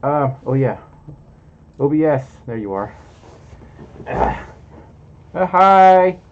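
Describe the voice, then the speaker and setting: A man hosts a casual livestream, chatty and giggly, reading out donations through a muffled mic. His fairly high voice is very animated but slow, and the lo-fi audio carries background noise.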